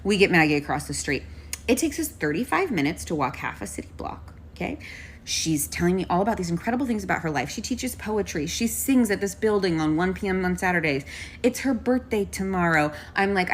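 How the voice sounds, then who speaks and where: Lively, profane young woman telling a story. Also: fairly quick, slight background noise. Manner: animated, profane, puts on high voices for quotes. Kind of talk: casual storytelling.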